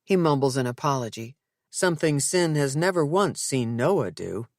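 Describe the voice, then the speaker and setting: A woman narrating an audiobook in an even, measured way. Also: very deep voice, no echo, clean studio sound. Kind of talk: scripted narration.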